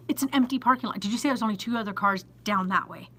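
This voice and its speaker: A woman's voice: mid-range voice, fast talker, sharp tone, rough recording. A woman vlogging to a handheld phone in her small store, chatty and exasperated, often laughing and emphatic. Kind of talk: casual chat to camera.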